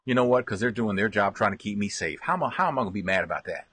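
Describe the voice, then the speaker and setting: A man's voice: on the low side, expressive, rapid-fire, fairly bright tone, husky, no room sound. A man hosting a casual live stream, chatting with viewers and answering their comments, laughing often and repeating himself. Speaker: host reading viewer comments.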